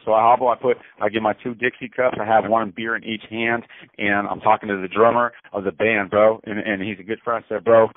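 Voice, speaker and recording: A man telling a story from prison over the phone in a rambling, animated way, saying "bro" again and again and repeating himself. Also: lowish voice, fairly quick, slight background noise. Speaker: incarcerated storyteller. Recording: tinny phone line.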